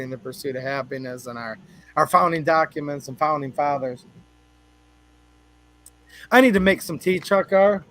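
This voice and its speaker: A man hosts a relaxed livestream, rambling and joking as he greets viewers by name. His voice sits a little high for a man. The sound is dry and close, with no room echo. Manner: chatty, rambling, jokes with chat. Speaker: livestream host.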